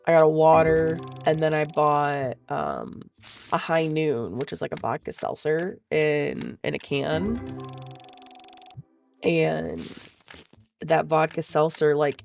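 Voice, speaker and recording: A woman's voice: low-pitched, creaky, darkish tone. A woman vlogger telling a story in casual chat, blunt and profane, laughing often.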